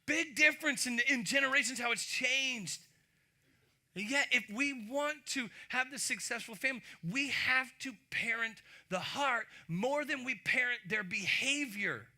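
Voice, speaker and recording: A man preaching a sermon in an animated, playful way, often asking the congregation questions. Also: extremely high pitch, measured pace. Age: young adult to middle-aged. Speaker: pastor. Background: music.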